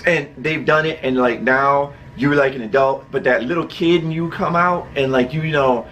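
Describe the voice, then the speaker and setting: A man's voice: medium pitch, moderate pace, fairly bright tone, a little hiss or hum. A man casually telling a personal story, laughing often and acting out other people's voices.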